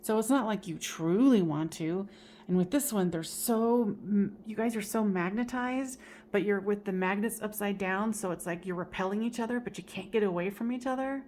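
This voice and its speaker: A woman with a mid-pitched voice gives a casual, expressive tarot reading, swearing freely and chuckling at her own remarks. Faint background noise sits under her voice. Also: normal speed. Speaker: tarot reader.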